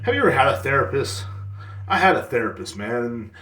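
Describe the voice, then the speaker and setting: A man's voice: medium pitch, very animated, fairly quick, pushed and bright. Man, podcast host, rambling, profane, casual rant, roomy echo, distant mic. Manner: rambling, blunt, profane, with slang like "bro".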